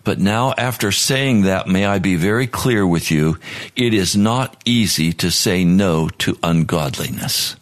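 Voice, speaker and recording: A man's voice: deep voice, a little slow. A man preaching a sermon as pastor, earnest and at times pleading in prayer.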